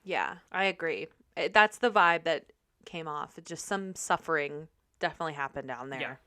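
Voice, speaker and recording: A woman's voice: sits low, moderate pace, dry recording. Woman co-host with a dry, close sound. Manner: animated agreeing, jokey asides. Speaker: podcast co-host. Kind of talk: casual chat.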